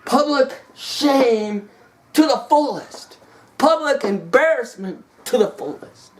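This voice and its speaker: A preacher telling a story in a sermon, dramatic and repetitive, rising to shouts. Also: high-pitched, lively intonation, slow pace.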